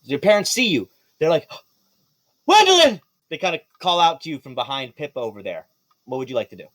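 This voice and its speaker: Lively man running a tabletop game. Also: mid-range voice, fast, no room sound. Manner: lively, profane, apologetic. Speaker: game master.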